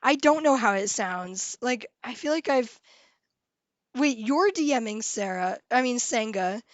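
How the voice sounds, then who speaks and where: A woman's voice: on the high side, expressive, a little slow, dry recording, lo-fi sound. A woman hosting a live stream, chatting casually and giggling as she reads viewers' comments.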